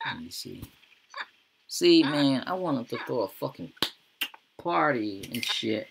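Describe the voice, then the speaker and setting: A woman's voice: rumbling low, very animated, takes it slowly, gravelly, background noise. A woman hosting a let's-play, giving profane, exasperated gameplay commentary and ranting at the game. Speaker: gaming channel host.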